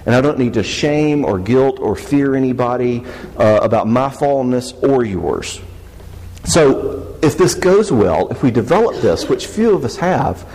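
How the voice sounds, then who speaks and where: Male speaker, lively and humorous, church talk, long reverb. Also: medium pitch. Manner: lively, joking, asks the audience questions. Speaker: speaker on faith and marriage.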